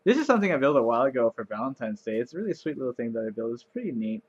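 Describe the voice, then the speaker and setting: A man giving casual gameplay commentary, rambling and chatty with lots of fillers, playfully sarcastic and easily excited. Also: mid-range voice, racing, husky, lo-fi sound. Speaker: let's play commentator.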